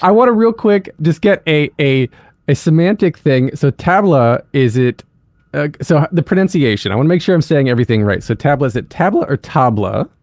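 A man's voice: fairly high pitch, expressive, fairly quick, a little mellow, no room sound. A man in his forties hosting a podcast, chatting enthusiastically and often restarting his sentences. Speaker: podcast host. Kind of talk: casual interview chat.

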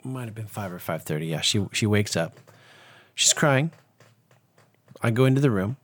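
A man's voice: fairly low pitch, expressive, normal speed. A young man co-hosts a casual podcast chat, adding laid-back, dry asides. His voice rises and falls a lot as he talks. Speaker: podcast co-host.

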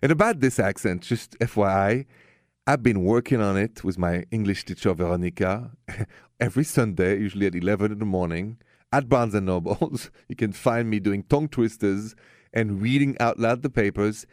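A man's voice: fairly low pitch, normal speed, darkish tone, no echo, studio quality. A man with a thick French accent hosting a radio call-in show, chuckling and poking fun at himself. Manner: chuckling, self-deprecating.

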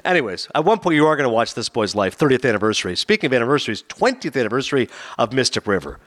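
Fast, lively male podcast host. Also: medium pitch. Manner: animated, quick storytelling with voiced quotes. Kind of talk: casual chat.

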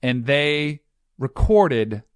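A man's voice: medium pitch, extremely slow, smooth, dry recording, studio quality. A man co-hosting a casual sports talk show, telling stories and acting out what people said. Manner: animated storyteller, acts out quotes.

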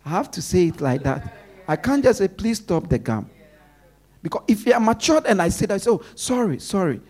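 Emphatic male preacher, somewhat high voice, call-and-response delivery, loud stresses then soft asides. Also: sing-song, a little fast, breathy edge. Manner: call-and-response, leaves questions for the congregation to finish. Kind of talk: sermon.

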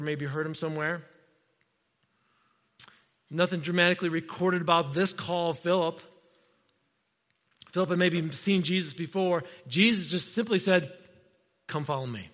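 A pastor preaching a sermon to his church, lively and animated, briefly acting out Bible characters in quick asides. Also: on the high side. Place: church sanctuary. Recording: dull sound with long hall reverb.

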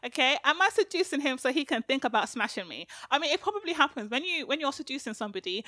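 A woman's voice: sits high, sing-song, fast talker, sharp tone, dry recording, studio quality. A woman co-hosting a podcast, talking frankly and animatedly with slang and frequent laughter. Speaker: podcast co-host. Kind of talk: candid casual podcast chat.

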